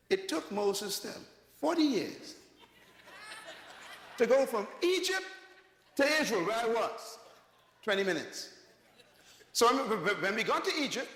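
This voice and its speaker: A man preaching a sermon, telling stories with laughs and sudden calls to his listeners. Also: a little high. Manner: animated storytelling preacher with laughs and call-outs. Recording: echoey hall.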